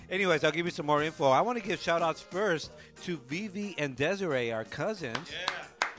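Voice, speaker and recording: A man's voice: on the high side, lively intonation, moderate pace, fairly bright tone, faint music behind. A man co-hosting a casual podcast, loose and joking with lots of fillers. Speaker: co-host.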